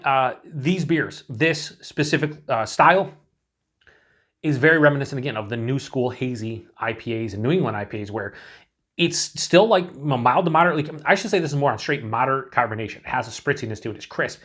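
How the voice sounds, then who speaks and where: Casual, swearing American beer reviewer. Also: male voice, mid-range voice, a bit bright. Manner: rambling, enthusiastic, swears freely, many fillers.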